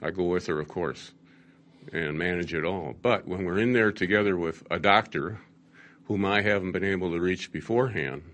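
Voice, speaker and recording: Older man with a very deep voice. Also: normal speed, a bit bright. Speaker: caregiver in the audience.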